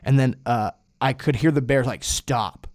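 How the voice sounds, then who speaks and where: A young man spins a wild anecdote in loose podcast chat, his pitch sitting in an ordinary middle range. His talk is animated and profane, packed with slang and restarts as he builds the tension. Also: moderate pace. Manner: animated, profane, slangy, drifts into acted-out quotes. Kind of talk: casual podcast storytelling.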